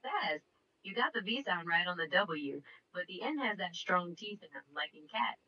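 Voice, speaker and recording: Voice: mid-range voice, animated, normal speed, sharp tone, recorded from a distance, highs cut off. A text-to-speech assistant voice coaching a player through pronunciation, cheerful, patient and encouraging. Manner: upbeat, encouraging, patient teacher. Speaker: AI voice assistant co-host. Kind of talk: language tutoring chat.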